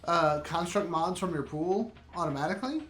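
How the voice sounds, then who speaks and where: A young man co-hosting a gaming video, chatting casually and excitedly during co-op gameplay and laughing easily. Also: fairly high pitch, normal speed. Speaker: co-host of a gaming channel.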